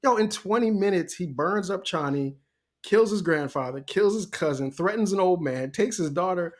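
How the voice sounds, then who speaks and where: Excitable man chatting on a podcast. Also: sits high, moderate pace. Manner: animated, laughs often, gets excited. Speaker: podcast co-host. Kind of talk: casual podcast chat.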